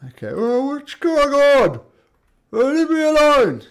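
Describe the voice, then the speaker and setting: A man's voice: very animated, slow, heavily acted. A man doing a whiny blind giant. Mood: indignant. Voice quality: loud, high put-on voice. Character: blinded male giant, bullying then whiny.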